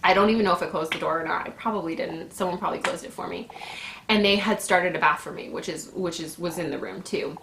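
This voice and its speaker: Woman, 20s, lively storyteller, lower voice, roomy echo. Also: fast, vocal fry. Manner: animated, laughing often, acts out her own shouts. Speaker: vlogger. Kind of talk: casual storytelling. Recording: echoey room with faint noise.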